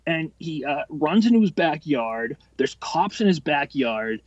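A young man in his late twenties rambles through an anecdote, swearing freely and restarting his sentences as he builds the tale. His voice sits a bit higher than most men's. The recording is dry and slightly dull, with a lo-fi podcast sound. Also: lively intonation, no echo. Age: 20s. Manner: profane, rambling, quick-tempered delivery. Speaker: podcast guest. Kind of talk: casual storytelling.

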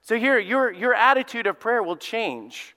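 A man's voice: very high voice, expressive, a little slow, pushed and bright, in a large hall. A male pastor from Alabama with a Southern accent, preaching a conversational sermon and telling stories with lots of fillers and restarts. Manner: casual storytelling with many fillers and restarts. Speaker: lead pastor.

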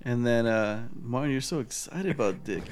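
A man co-hosting a podcast in relaxed casual chat, swearing casually. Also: medium pitch, moderate pace. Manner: laid-back, swears casually. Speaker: podcast co-host.

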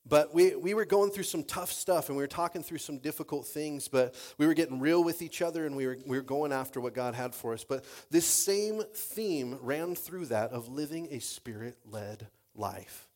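A man preaching a sermon as pastor, reading scripture and praying in a soft, low voice, and often restarting sentences by repeating words. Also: animated, moderate pace, hardly any pauses. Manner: prays and reads in a soft, low voice.

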